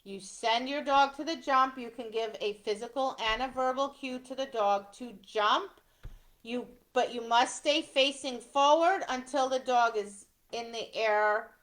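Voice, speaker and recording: Middle-aged woman instructor, slightly high voice, slow and deliberate, walking through ring procedure and checking in with "right?". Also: a bit bright. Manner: explains step by step, often adds "right?". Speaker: dog obedience instructor. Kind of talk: instructional talk.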